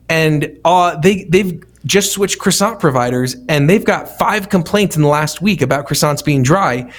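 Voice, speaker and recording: A man who runs a restaurant feedback company, telling stories in a casual conversation and acting out what people said. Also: on the high side. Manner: storytelling, animated quoting of others.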